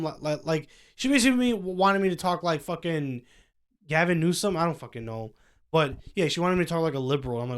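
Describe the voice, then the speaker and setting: A young man chatting casually on a podcast, his voice sitting a little high and coming through smooth and clean. He rambles, piling up fillers and restarting his sentences. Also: expressive, fairly quick. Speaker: podcast co-host. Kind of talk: casual chat.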